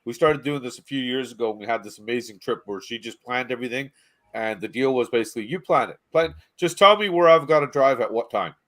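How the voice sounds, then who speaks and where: A man's voice: mid-range voice, quick pace. A man co-hosting a podcast, telling travel stories in casual chat and swearing freely. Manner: animated storyteller, swears freely. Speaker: podcast co-host.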